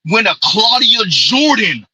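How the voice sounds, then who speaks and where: Man, emphatic opinion rant, very bright tense tone, dry close sound. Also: high-pitched, sing-song, slow pace, breathy edge, no room sound, rough recording. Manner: emphatic, repetitive call-outs, rhetorical asides. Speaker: commentary vlogger. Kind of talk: opinionated commentary monologue.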